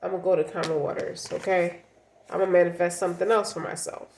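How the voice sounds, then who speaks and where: A woman reads tarot cards in loose, blunt talk, swearing freely and slipping into the voice of the listener's partner. Her voice sits a little low. The room around her is echoey, with faint noise behind her. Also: level tone, quick pace, vocal fry, a little mellow. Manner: blunt, profane, speaks as the client's partner. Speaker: tarot reader. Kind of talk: casual tarot reading.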